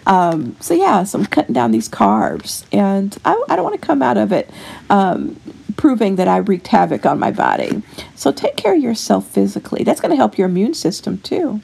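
A woman's voice: medium pitch, very animated, moderate pace, gravelly, a little mellow, breathy edge. A woman in her fifties hosting a casual Christian devotional talk in an earnest, homey way, with many fillers and restarts. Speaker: Christian devotional podcast host. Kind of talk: casual faith encouragement talk.

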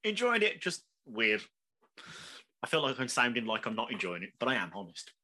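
A man chatting casually as a podcast co-host, animated, swearing freely and laughing often. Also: medium pitch, brisk. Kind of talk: casual chat.

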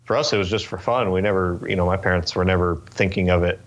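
A man in his twenties from Northern California, telling stories in a relaxed interview chat with lots of fillers and restarts. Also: low-pitched, fast. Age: 20s. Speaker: interview guest, race car driver.

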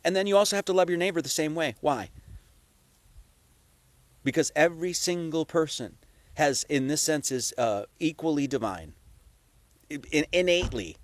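A man's voice: a little high, animated, moderate pace, pauses often, no room sound. A man giving a casual, conversational sermon, full of rhetorical questions and profane asides. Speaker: preacher.

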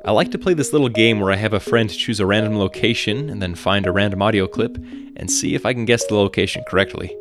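A man's voice: fairly low pitch, fast, music in the background. A man with a general American accent, reading a scripted podcast narration with wry, conversational asides. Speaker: podcast host.

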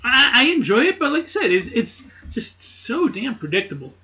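A man in casual chat about a film, mostly short agreements and quick opinions. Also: very high-pitched, very animated, bright, forceful tone, poor audio.

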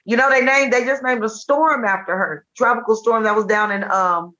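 A woman from Chattanooga, a comedian guest telling animated, jokey stories in casual chat. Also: fairly high pitch. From Chattanooga, Tennessee. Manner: animated, jokey, rapid bursts. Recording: dull lo-fi sound.

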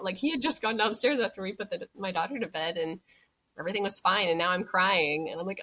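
A woman's voice: on the low side, quick pace, pushed and bright. A young woman telling her birth story as a podcast guest, chatty and full of "like," acting out what she said back then. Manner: chatty, many "like" fillers, acts out her own past words. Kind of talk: casual storytelling.

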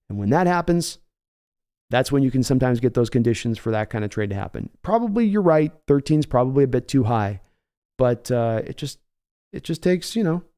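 A man's voice: mid-range voice, mellow. A man hosting a live sports stream, chatting casually and answering viewers by name. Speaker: sports podcast host reading chat.

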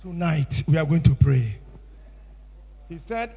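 Impassioned Ghanaian preacher in a reverberant hall. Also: male voice, on the high side, lively intonation, takes it slowly, creaky, breathy edge. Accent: Ghanaian English. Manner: impassioned, swinging from hushed to shouted. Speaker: pastor. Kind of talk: sermon.

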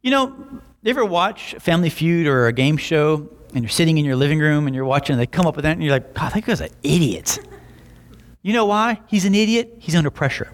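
A young adult man preaching a sermon, telling stories with lively voiced asides. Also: on the high side, fast. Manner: animated storytelling with voiced asides. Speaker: pastor.

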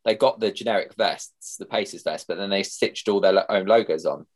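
A man's voice: deep voice, fairly quick. A young man co-hosting a podcast, chatting casually and rambling through results and stories. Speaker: podcast co-host. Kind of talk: casual chat.

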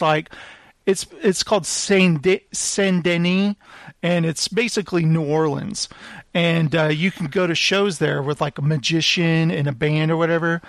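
A man with a high voice chats casually, telling an animated story. The sound is dry and close, with no room echo. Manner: animated storytelling, acting out quoted lines. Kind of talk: casual chat.

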